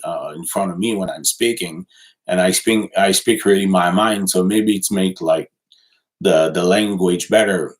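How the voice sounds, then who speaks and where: Halting man answering chat in non-native English. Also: lowish voice. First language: not English. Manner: halting, many restarts and fillers. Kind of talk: casual livestream chat reply.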